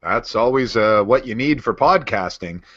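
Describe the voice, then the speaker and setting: Bright, bantering podcast host man. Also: mid-range voice, lively intonation, normal speed, breathy edge, no room sound, dull audio. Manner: playful, bantering. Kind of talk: casual chat.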